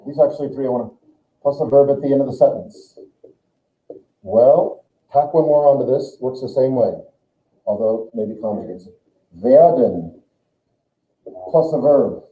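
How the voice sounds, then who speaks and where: A man teaches a grammar lesson in a classroom, walking through each point and musing aloud as he goes. His voice sits at an everyday middle pitch. It carries the echo of the room and the thin, phone-like sound of a cheap recording. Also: measured pace, pauses often. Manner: explains step by step, thinks aloud. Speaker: German teacher. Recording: echoey room on a tinny lo-fi recording.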